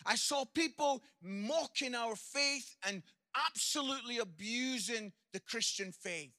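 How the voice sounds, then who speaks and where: Scottish male preacher, middle-aged, comic storyteller, bright forceful tone. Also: extremely high pitch, measured pace. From Scotland. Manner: jokey, animated, lively anecdotes. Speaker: visiting preacher and comedian. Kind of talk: humorous sermon storytelling.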